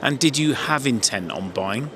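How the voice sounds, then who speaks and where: A man's voice: medium pitch, animated, moderate pace, sharp tone, a little hiss or hum. A man hosting a podcast, interviewing visitors at a busy exhibition hall and laughing easily. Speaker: podcast host and show interviewer. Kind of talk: casual interview at a trade show.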